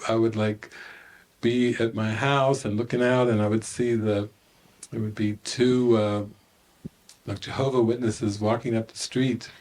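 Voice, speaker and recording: A man's voice: lowish voice, measured pace. An older man giving a spiritual retreat talk, telling stories with laughter and acting out the voices of the people in them. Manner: animated storytelling with laughter and acted-out quotes. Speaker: spiritual teacher.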